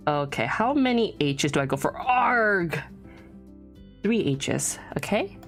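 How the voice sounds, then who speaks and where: A woman's voice: sits low, big pitch swings, normal speed, faint music behind. Chatty young woman streamer rambling aloud. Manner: chatty, rambling, thinks aloud, laughs often. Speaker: VTuber streamer. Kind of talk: casual livestream chat.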